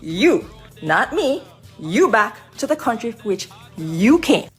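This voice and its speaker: A woman's voice: fairly high pitch, very animated, slow pace, husky, soft background music. A woman delivering an emphatic, lecturing monologue to camera. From Jamaica. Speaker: social media commentator.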